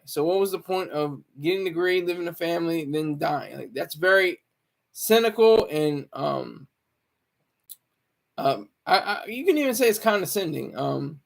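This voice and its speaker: A man talking casually on a live stream, rambling with many stammered restarts. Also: high voice.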